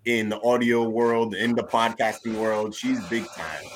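A man's voice: lowish voice, fairly even intonation, measured pace, slight background noise. A man co-hosting a podcast in casual chat, laid-back and joking, often repeating his phrases. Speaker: podcast co-host.

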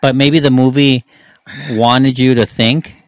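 A man in a casual chat about a film, talking in a thoughtful, halting way as he explains his view. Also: mid-range voice, flat delivery, no echo. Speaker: podcast co-host reviewing a film.

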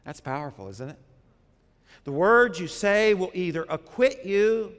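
A man's voice: sits high, animated, unhurried, fairly bright tone, in a large hall. A man, a pastor, preaching a sermon in a conversational way, often putting questions to the congregation.

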